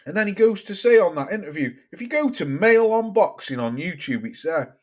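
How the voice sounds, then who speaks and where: A man's voice: high voice, sing-song, fairly quick. A man, ranting casually and swearing while reacting to his live chat. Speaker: streamer.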